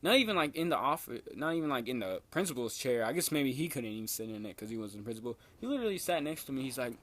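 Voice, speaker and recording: A young man is telling a story from his school days. His pitch is average, and he speaks in a loose, slangy way that is full of swearing. He keeps the story going with lots of filler words, and his voice leaps up when he acts out quoted lines. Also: big pitch swings, quick pace, a bit bright. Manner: laid-back slangy storytelling, swears a lot, jumps high for quoted lines. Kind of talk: casual storytelling.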